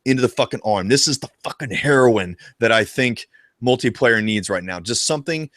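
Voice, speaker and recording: Man, gaming show co-host, casual live chat, excitable, profane, mid pitch, dry close sound. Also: fairly quick, no echo.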